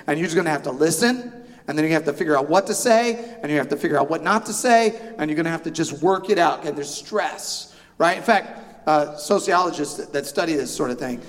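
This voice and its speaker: A high-voiced middle-aged male pastor tells a sermon story, animated and self-deprecating, checking in with the congregation as he goes. His voice carries through a big church hall with a long reverb tail. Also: fairly quick. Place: church sanctuary.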